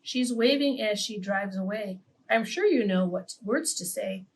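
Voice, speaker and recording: A woman reading a picture book aloud to preschool children, animated and pausing to ask her young listeners questions. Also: mid-range voice. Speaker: children's story reader.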